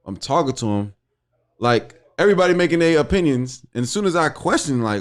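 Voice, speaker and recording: A man co-hosting a casual talk show, laid-back and quick in the back-and-forth, acting out quotes as he tells a story. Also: fairly high pitch, expressive. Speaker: co-host. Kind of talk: casual chat.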